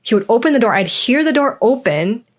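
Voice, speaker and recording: A woman's voice: fairly high pitch, animated, fairly quick. A young adult woman hosting a podcast, speaking candidly in a reflective personal monologue and acting out the voices in her stories. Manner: candid, acts out quoted voices. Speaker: podcast host.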